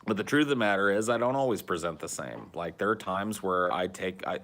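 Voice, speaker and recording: A podcast host in his thirties with a Californian accent chats casually, swearing freely in a laid-back stoner drawl. His voice is deep and fairly bright, with lively intonation and a brisk pace.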